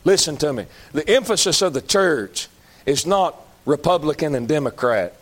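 A male pastor preaching a folksy sermon that climbs to shouting. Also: on the high side.

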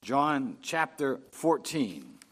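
A man preaching a sermon, reading scripture aloud and rising in pitch and force on key phrases. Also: very animated. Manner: unhurried preaching, swelling louder and higher on key phrases. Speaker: pastor.

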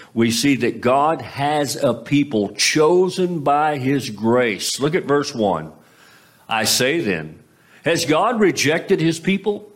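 A man preaching an expository sermon, reading scripture aloud and explaining it, with small slips and self-corrections. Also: mid-range voice. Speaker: pastor.

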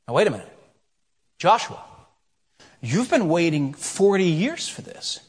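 A middle-aged man preaching a sermon, telling a story with quiet asides and loud, rising questions. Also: sits high, big pitch swings, a little slow, pauses often, slightly rough. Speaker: pastor. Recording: long hall reverb.

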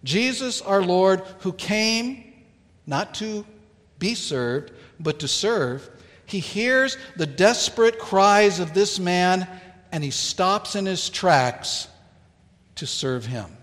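A man preaching in a fairly high voice, drawing out a Bible story slowly and with long pauses. His words ring out with the long reverb of a large hall. He leans on key phrases for weight. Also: expressive, fairly bright tone. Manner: slow, deliberate storytelling delivery with dramatic pauses. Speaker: pastor. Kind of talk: sermon.

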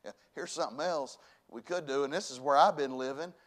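A man preaching a sermon to his church, folksy and conversational, dropping to hushed lines and rising to loud bursts. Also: medium pitch, brisk. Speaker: pastor. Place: church sanctuary.

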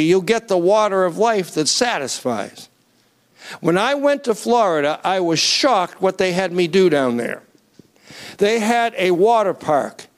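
Male preacher, high-pitched, animated sermon delivery that rises to near-shouts and calls on the congregation. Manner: asks the crowd to raise hands.

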